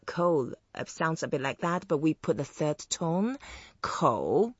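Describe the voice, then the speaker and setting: A woman hosting an interview who teaches Chinese words, slowing down and stretching sounds to model the tones. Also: low voice, darkish tone, slightly rough, dry recording, dull audio. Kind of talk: friendly interview and language lesson.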